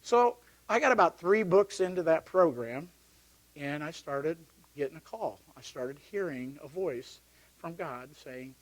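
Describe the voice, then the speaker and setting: A middle-aged man, a deacon, telling his personal story to a parish gathering, lively when he recounts the yelling. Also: on the high side, measured pace. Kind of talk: personal testimony talk. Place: parish hall.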